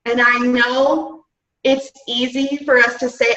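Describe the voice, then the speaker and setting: A woman's voice: high voice, moderate pace, pushed and bright. A woman giving an upbeat, chatty motivational talk to her business team, often saying "guys" and "right?". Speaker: fitness business coach. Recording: roomy, distant, dull-sounding mic.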